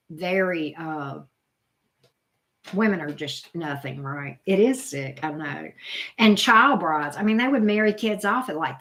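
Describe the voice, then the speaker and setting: A woman's voice: lowish voice, a bit bright. A middle-aged woman, hosting a casual live-stream chat, reacting to viewers' comments with frequent exclamations. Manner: chatty, reacts to chat names, exclaims often. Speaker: channel host reading live chat.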